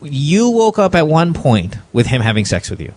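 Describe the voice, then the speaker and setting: A man hosting an interview, asking probing, halting questions of his guest. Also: a little high, very animated, darkish tone. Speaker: interview host. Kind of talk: conversational interview.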